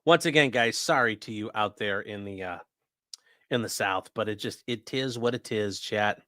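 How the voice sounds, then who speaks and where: A man hosting a livestream, commenting in a casual, jokey way, talking to chat and breaking into mock voices and sudden yells. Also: on the low side, moderate pace, no room sound, clean studio sound. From grew up in a rural area. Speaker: livestream host reacting to a trial.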